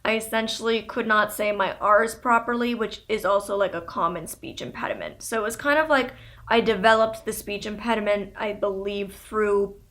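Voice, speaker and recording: Bright-voiced chatty young woman. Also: medium pitch, moderate pace. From Canada. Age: 20s. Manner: chatty, candid, with laughs and fillers. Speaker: YouTuber. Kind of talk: casual storytelling to camera.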